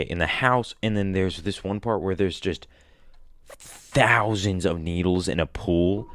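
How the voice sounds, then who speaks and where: Deep, slow-talking young man rambling. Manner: slangy, rambling, animated outbursts. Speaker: vlogger. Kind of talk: casual rambling monologue.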